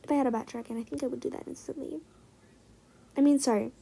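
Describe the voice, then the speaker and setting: Excitable high-voiced young gamer woman. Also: fast, gravelly, husky, rough recording. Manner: chatty, excitable, drops to muttered asides. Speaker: gaming vlogger. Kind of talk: casual gameplay commentary.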